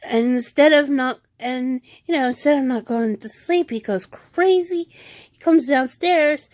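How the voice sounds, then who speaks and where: A woman's voice: sits high, measured pace, no room sound. A woman vlogger ranting at home in a rambling, frustrated way, often restarting her sentences. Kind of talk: venting rant vlog.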